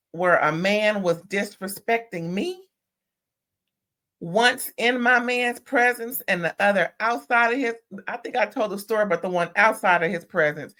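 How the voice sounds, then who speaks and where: Expressive and measured, this Californian reality TV reviewer has a mid-range, fairly bright voice. Chatting casually, she runs through a reality show reunion with sassy, opinionated takes.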